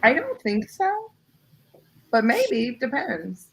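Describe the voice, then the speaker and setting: A woman's voice: on the high side, huge pitch swings, slow, gravelly, breathy edge, low-quality recording. A woman co-hosting a podcast, chatting casually and joking at her own expense, often trailing off mid-thought. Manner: chatty, self-deprecating, trails off. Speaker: podcast co-host. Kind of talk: casual chat.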